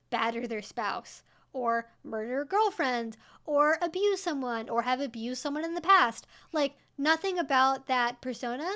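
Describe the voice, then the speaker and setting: A woman's voice: sits high, pushed and bright. A young woman hosting a casual livestream from home on a desk mic, talking emphatically and cooing at her pet. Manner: emphatic, chatty, doting baby talk to her pet. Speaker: streamer host. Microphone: desk microphone.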